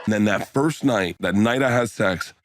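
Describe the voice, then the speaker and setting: A man's voice: lowish voice, moderate pace, heavy background noise. Blunt, brash man telling a comic story. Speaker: comedian.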